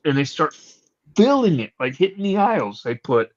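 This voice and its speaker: A podcast host telling a story in casual chat, animated and swearing casually, with plenty of fillers. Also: male voice, on the high side, moderate pace. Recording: slightly muffled lo-fi recording.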